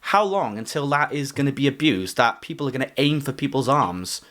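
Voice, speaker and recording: A man's voice: medium pitch, animated, fairly quick, a bit bright. A man from the UK co-hosting a casual chat podcast, rambling with lots of "like" and "you know". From United Kingdom. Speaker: podcast co-host.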